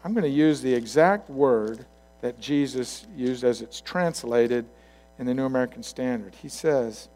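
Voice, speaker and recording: A male pastor giving a sermon in a conversational storytelling way, swinging from loud to quiet asides. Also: mid-range voice, unhurried.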